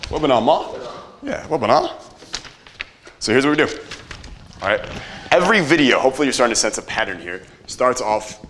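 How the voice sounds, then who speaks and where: Energetic man teaching a workshop crowd. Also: mid-range voice, quick pace, slight background noise. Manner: energetic, quizzes the audience, swears casually. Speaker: marketing workshop instructor. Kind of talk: live workshop teaching to an audience. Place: room with a live audience.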